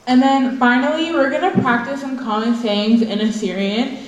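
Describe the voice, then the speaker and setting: A teenage girl presenting to an audience at a school event, teaching phrases slowly so people can repeat after her. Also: a little high, fairly even intonation. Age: teens. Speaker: student presenter. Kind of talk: classroom presentation. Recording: echoey hall.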